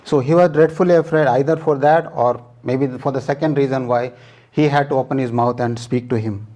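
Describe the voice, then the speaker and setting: A man preaching a sermon in a mid-pitched voice, walking listeners through scripture one verse at a time. He speaks plainly and stops often with small fillers as he explains. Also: fairly even intonation, fairly quick, warm tone.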